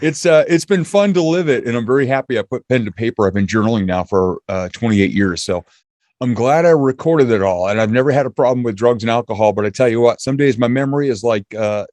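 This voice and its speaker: A man's voice: mid-range voice, fast, darkish tone, dry recording. A man from north of Boston with a slight Boston accent, an upbeat motivational speaker telling jokey stories as a guest. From an hour north of Boston. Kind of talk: casual interview chat.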